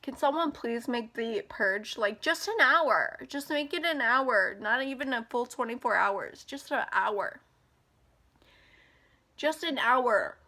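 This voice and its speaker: A woman's voice: on the high side, slow, sharp tone. A woman in her twenties talking to camera in a personal vlog, upset and angry, ranting and close to tears. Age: 20s. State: emotional, close to crying. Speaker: vlogger.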